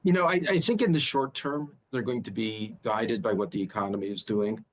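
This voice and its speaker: Halting, low-voiced male market strategist. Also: poor audio. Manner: halting, repeats words when starting. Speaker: bank strategist guest. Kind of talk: remote news interview.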